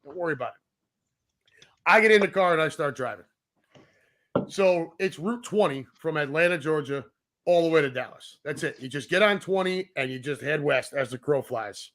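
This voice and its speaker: A man's voice: a little high, normal speed, fairly bright tone. A middle-aged man, a podcast co-host, telling a long story in casual chat, acting out the people he quotes and swearing freely.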